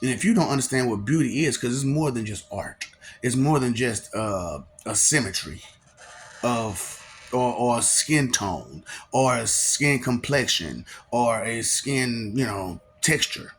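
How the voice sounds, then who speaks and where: A young man with a soft voice, musing in a rambling casual monologue and laughing often as he talks to imagined listeners. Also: mid-range voice, lively intonation, moderate pace, gravelly, slight background noise. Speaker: vlogger.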